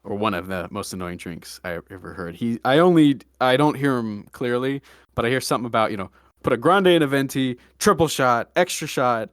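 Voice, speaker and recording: Young man, podcast host, casual storytelling, deadpan jokes, dry close sound. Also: mid-range voice, a little fast, dry recording. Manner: deadpan jokey storytelling with mock-serious asides.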